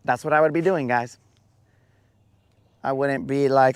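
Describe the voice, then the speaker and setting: A man hosting a casual live stream, in his rough morning voice with a dry mouth, rambling playfully and calling his viewers bro. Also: mid-range voice, slow pace, pauses often, darkish tone, no room sound. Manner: playful rambling storyteller, addresses chat as bro. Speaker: fishing stream host.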